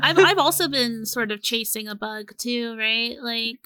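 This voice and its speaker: A woman's voice: fairly high pitch, a little slow, bright, forceful tone, dry recording. A woman in her late twenties co-hosting a podcast, chatting casually and rambling through restarts. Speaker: podcast co-host. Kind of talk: casual chat.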